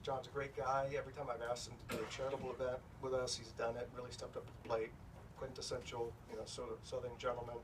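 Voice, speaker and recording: A middle-aged man spins a self-deprecating story for a crowd at a bookstore talk, his voice sitting at an ordinary pitch. He sounds a little far from the mic, with a steady hiss running under the room. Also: fast talker. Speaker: author speaking at a bookstore event. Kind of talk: anecdote told to a live audience. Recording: distant, noisy room recording.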